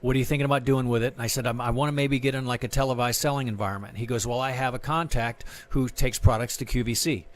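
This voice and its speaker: A man's voice: medium pitch, fairly even intonation, fast, few pauses. Middle-aged guy rambling on in a casual interview, lots of restarts, pokes fun at himself. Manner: rambling, self-deprecating, many restarts. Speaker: guest artist and filmmaker.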